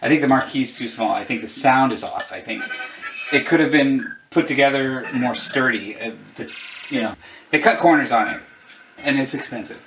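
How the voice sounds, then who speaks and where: A man's voice: medium pitch, normal speed, far from the mic, music in the background, poor audio. A man in his forties casually chatting as host, showing off his collection at home, enthusiastic and rambling with self-deprecating asides. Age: 40s. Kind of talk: casual chat. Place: home room with arcade cabinets.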